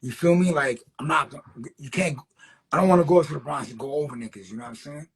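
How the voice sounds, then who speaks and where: A man's voice: fairly high pitch, quick pace. A man, a graffiti writer, telling street stories in a loose, profane, streetwise way during a casual interview. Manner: loose, profane, streetwise, peppered with "you know what I'm saying".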